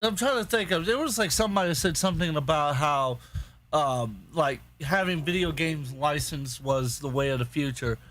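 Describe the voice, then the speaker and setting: A man's voice: on the high side, normal speed, fairly bright tone. A man on a casual podcast, ranting angrily and swearing constantly, repeating himself as he gets worked up. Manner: angry, profane, repetitive ranting. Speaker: podcast host.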